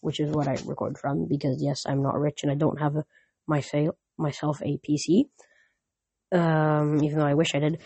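A man casually reading a novel aloud, halting with restarts, recorded on a phone lying nearby. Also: fairly high pitch, flat delivery, creaky, warm tone, slightly rough, no room sound. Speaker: audiobook reader.

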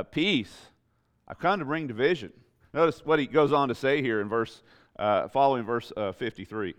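A man preaching a sermon as pastor, building emphatic repeated phrases with rising intensity. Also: mid-range voice.

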